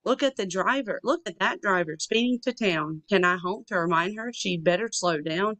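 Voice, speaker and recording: A woman's voice: mid-range voice, moderate pace, a bit bright, no echo, lightly acted. A woman voicing an eager young dinosaur driver who loves to honk, in a bouncy sing-song storybook read-aloud.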